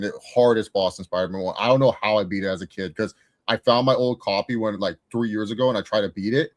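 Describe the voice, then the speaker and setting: Low-pitched male co-host, excitable and slangy, dry recording. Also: no room sound. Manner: excited, swearing, slangy storytelling. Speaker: film review co-host. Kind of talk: casual film review chat.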